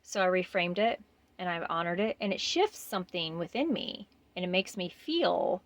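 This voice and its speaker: A woman with a fairly low voice leads a guided mirror exercise, talking gently and earnestly. She often pauses, restarts and fills gaps as she goes. The sound is dry and close, with no room around it. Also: expressive, no room sound. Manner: gentle, earnest, halting with fillers. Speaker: self-care guide.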